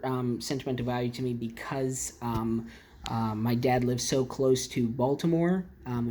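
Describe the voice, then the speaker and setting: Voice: mid-range voice, a little mellow, a little hiss or hum. A model railroad vlogger showing off a collection in a casual, rambling way, with lots of ums and restarts. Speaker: model railroad channel host. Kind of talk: casual show-and-tell vlog.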